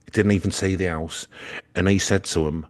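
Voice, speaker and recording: Casting: male podcast co-host, deep voice, dry playful humor. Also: fairly quick. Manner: playful, deadpan joking. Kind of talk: comedic podcast chat and story reading.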